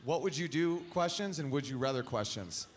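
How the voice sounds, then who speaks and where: A man's voice: medium pitch, animated, moderate pace, a little hiss or hum. A man in his thirties doing a stand-up comedy set, crude and wry, breaking into chuckles.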